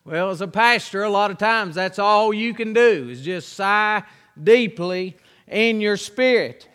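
A man preaching as pastor, reading scripture and then teaching in an earnest, drawn-out way. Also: high voice, fairly bright tone, smooth, in a large hall.

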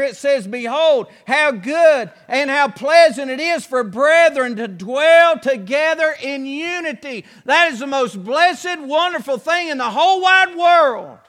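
A man's voice: very high-pitched, a bit bright. A man preaching a sermon, telling a story in a folksy way and acting out its scenes.

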